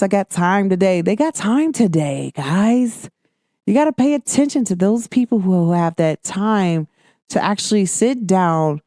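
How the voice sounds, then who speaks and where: Emphatic woman host, dry close sound. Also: dry recording. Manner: animated, emphatic, acts out quoted exchanges in a higher voice. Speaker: podcast host. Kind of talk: casual monologue.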